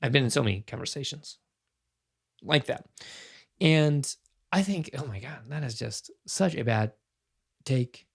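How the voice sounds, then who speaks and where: A man's voice: mid-range voice, lively intonation, a little slow, creaky, pauses often, slightly rough. A man in his thirties hosting his own podcast, talking alone in an earnest, impassioned way and thinking aloud with frequent restarts. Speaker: podcast host. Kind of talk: casual solo podcast commentary.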